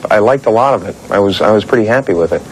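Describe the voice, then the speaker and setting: A man's voice: lowish voice, lively intonation, very fast, a little hiss or hum, low-quality recording. A man in an interview, joking and self-mocking about himself. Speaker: interviewed actor.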